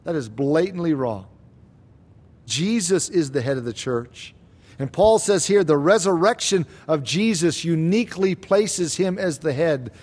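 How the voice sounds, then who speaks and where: Male preacher, pitched high, who hammers key points slowly and quizzes his listeners. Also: animated, darkish tone, slightly rough. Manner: emphatic, slows down and rises on key claims; asks the congregation rhetorical questions. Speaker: pastor. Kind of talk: expository sermon.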